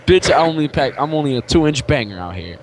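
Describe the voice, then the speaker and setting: A man's voice: on the high side, sing-song, quick pace, crowd noise. A male podcast guest in casual banter, joking crudely.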